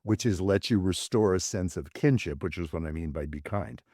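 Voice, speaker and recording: A man, a psychologist, speaking as a guest in a thoughtful, measured way, with an occasional soft laugh. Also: sits low, no echo, clean studio sound. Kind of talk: conversational interview.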